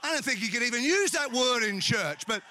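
A middle-aged Australian man preaching a humorous sermon in church, telling animated, jokey stories. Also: very high voice, brisk, a little hiss or hum.

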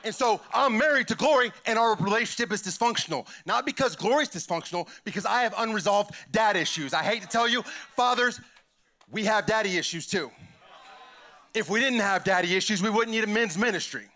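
High bright man preaching his testimony. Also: lively intonation, fairly quick. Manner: emphatic, repeats lines, builds to shouts. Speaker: church member giving testimony. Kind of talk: impassioned church testimony. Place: church.

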